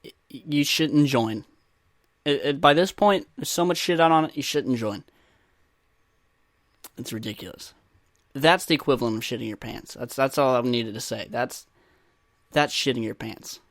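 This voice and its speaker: A man's voice: medium pitch, fairly quick, a bit bright, dry recording, studio quality. A man in his twenties hosting a podcast, telling rambling, profane, self-mocking stories in a casual way. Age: 20s. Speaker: podcast host. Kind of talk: casual crude storytelling monologue.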